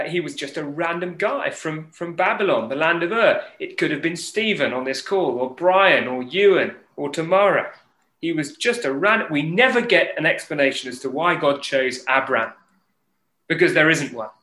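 Male preacher from England, mid pitch, earnest and halting, recorded in an echoey room. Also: bright, forceful tone. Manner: earnest, halting, with many fillers and restarts. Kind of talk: Bible talk on an online call.

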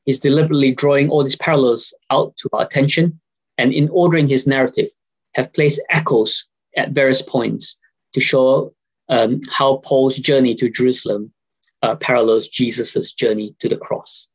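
A man's voice: medium pitch, steady tone, moderate pace, slightly rough, low-quality recording. A man preaching a sermon over a video call, earnest and questioning, with frequent filler sounds.

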